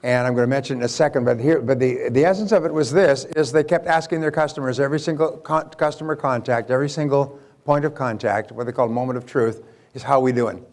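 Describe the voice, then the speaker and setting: A man giving a business seminar talk, telling stories in a lively way with frequent restarts. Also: medium pitch, quick pace. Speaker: business speaker and sales coach.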